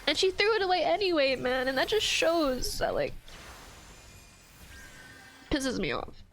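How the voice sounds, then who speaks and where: A young woman streamer vents to her viewers in casual chat, her high-pitched voice swinging wildly in pitch while her pace stays measured and her tone a bit bright. She rants, swears frequently, and keeps stumbling and restarting, all over a rough recording.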